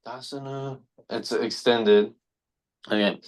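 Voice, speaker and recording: A man's voice: lowish voice, unhurried, long pauses. A male yoga teacher trainee cues poses hesitantly, with many fillers, and corrects himself as he goes. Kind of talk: cueing yoga poses, then casual chat.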